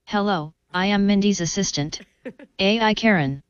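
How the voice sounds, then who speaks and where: A deadpan AI Karen bot, in a woman's synthetic voice, making pedantic complaints over a dull phone line. The tone is smooth and very dry, with a slightly low pitch and flat, machine-like delivery. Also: moderate pace, no room sound. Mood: deadpan demanding. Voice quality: flat synthetic text-to-speech voice. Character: female AI complaint bot, persistent, nitpicking. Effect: text-to-speech voice. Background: radio prank call.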